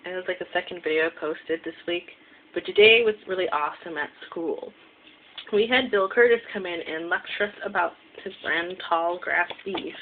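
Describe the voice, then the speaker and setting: A young woman from the American Midwest, a culinary student, talking casually to her camera, tired and half asleep, rambling and correcting herself often. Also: mid-range voice. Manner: rambling, many restarts and self-corrections. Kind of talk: casual vlog talk to camera. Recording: tinny lo-fi with faint hiss.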